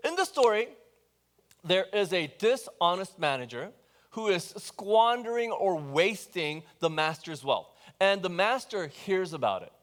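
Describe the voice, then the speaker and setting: A man preaching a sermon, talking with the congregation in a conversational, questioning way and telling the story with animation. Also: fairly high pitch. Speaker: pastor.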